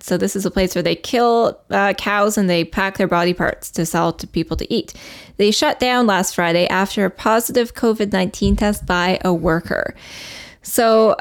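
A woman's voice: mid-range voice, smooth. A woman co-hosting a podcast, earnestly explaining news stories in casual chat. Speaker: podcast co-host.

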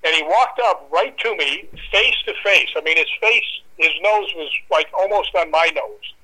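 A man with a fairly high voice, speaking at a normal pace on a low-quality recording, tells a dramatic personal anecdote as a guest in an interview. He delivers it in a lively way, acting out voices and dog growls along the way.

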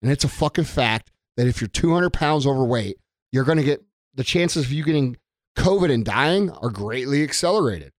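A man's voice: mid-range voice, lively intonation, moderate pace, dry recording, clean studio sound. A man giving an angry, blunt rant to camera, swearing heavily and repeating himself for emphasis. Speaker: business owner. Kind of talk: profane political rant to camera.

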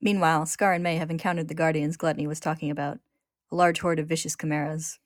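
A woman hosting, narrating a story recap in a steady, descriptive way. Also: sits low, quick pace, no room sound, studio quality.

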